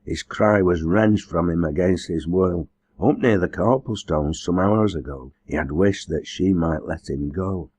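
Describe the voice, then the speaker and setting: Low husky guy reading a novel aloud, measured and earnest, dry close sound. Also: a little mellow, dry recording. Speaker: audiobook narrator. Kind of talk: scripted narration.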